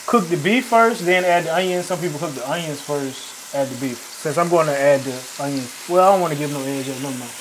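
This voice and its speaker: A man's voice: on the high side, brisk, few pauses, slight background noise, poor audio. A man competing in a cooking contest, chatting casually and laughing often. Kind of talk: casual chat.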